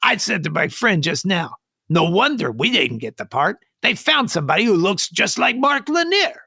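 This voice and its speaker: A man's voice: sits high, very animated, normal speed, vocal fry, bright, forceful tone, breathy edge, no room sound, studio quality, pitched above the performer's own voice, exaggerated voice. A man putting on the voice of a friendly, eager short man who is an extra on a film set, calling across to a friend.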